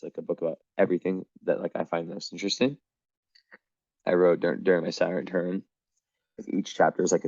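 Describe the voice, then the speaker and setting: A man with a very low, deep voice gives a casual astrology reading, wandering from thought to thought with constant hesitations. His voice is wearing thin and hoarse. The recording is dull and lo-fi, with a dry, close sound. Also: darkish tone, no echo. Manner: meandering, hesitant, full of "like". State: losing his voice.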